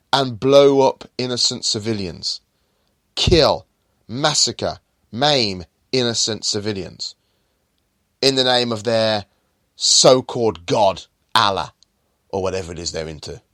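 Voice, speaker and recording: A man hosting his own political podcast, speaking with an emphatic, indignant edge. His pitch swings widely, dipping low and jumping high to stress his points. The sound is close and dry, with no room around it. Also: a bit bright, dry recording. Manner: emphatic, indignant ranting with rising and falling emphasis. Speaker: podcast host.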